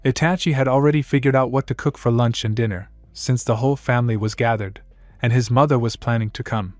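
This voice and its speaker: A man reading a fan-fiction story aloud in a plain, steady narrating voice. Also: medium pitch, fairly quick, no echo, soft background music.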